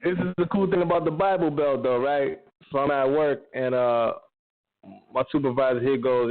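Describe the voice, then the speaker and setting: A man's voice: medium pitch, fairly even intonation, normal speed. A man in a casual chat, talking in a laid-back way and laughing between remarks. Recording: tinny phone-like line.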